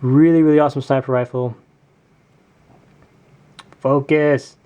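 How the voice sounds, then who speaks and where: A man's voice: mid-range voice, fairly even intonation, moderate pace, a little mellow, dull audio. A man casually reviewing a custom toy build, speaking with enthusiasm and often repeating his words of praise. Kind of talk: casual product review video.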